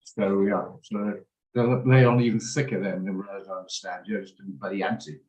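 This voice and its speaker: A man's voice: lowish voice, little pitch movement, moderate pace, a little mellow. Male trading host, blunt and rambling, echoey video-call sound. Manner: chatty, blunt, rambles off topic. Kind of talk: casual chat in an online trading session. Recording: roomy echo on a video call.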